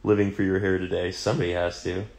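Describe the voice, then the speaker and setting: A man's voice: low voice, flat delivery, fast, darkish tone. A man with an American accent, reading fan comments aloud on a phone livestream and answering them in a wry, teasing way. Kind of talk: casual livestream Q&A.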